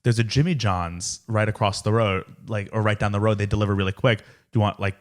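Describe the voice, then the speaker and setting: A man's voice: on the low side, fairly even intonation, fast. A young adult man co-hosting a casual podcast, chatting loosely with lots of "like" fillers. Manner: casual, fills with "like". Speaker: podcast co-host, son.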